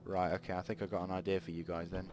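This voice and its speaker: A man's voice: sits low, flat delivery, racing, darkish tone, slight background noise. A man giving rambling let's play commentary at a desk mic, thinking aloud as he plays. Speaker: gaming channel host.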